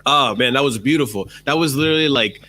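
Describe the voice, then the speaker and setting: A man co-hosting a casual football chat, excitable, laughing often and swearing casually. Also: mid-range voice, quick pace. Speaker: podcast co-host.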